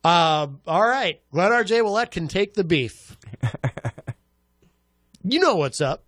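A man's voice: high voice, expressive, slow, fairly bright tone, no echo, studio quality. A man hosting a talk show, goading his guest with casual comedic banter and playful slang.

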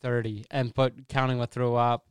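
A young man just a few years out of high school, a guest in a casual podcast chat, laughing and swearing freely. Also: flat delivery, moderate pace, clean tone, no echo, clean studio sound. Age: young adult. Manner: laid-back, laughing, heavy swearing.

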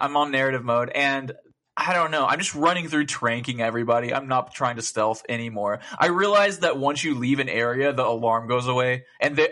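A young man co-hosting a casual gaming podcast, telling stories in an animated way, full of swearing and laughter. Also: medium pitch. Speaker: podcast co-host.

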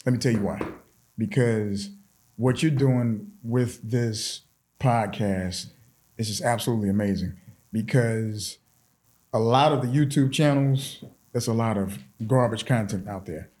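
A man's voice: medium pitch, unhurried, a little mellow. A middle-aged man chatting as a podcast guest. He is earnest and encouraging and keeps hammering his points home by repeating them. He sounds plain and conversational. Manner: earnest and encouraging, emphatic repetition. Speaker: podcast guest, fraternity chapter president. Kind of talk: casual interview chat.

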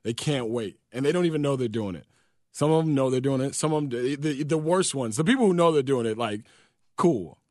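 A man in casual chat, an animated storyteller who swears freely and acts out quotes. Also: medium pitch, brisk, no echo, studio quality.

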